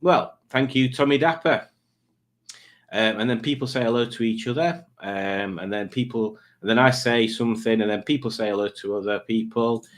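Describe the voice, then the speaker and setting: A man's voice: medium pitch, fairly even intonation, normal speed. A man hosting a live stream, chatting casually and rambling from one tangent to the next. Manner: rambling, playful, breaks into silly put-on voices.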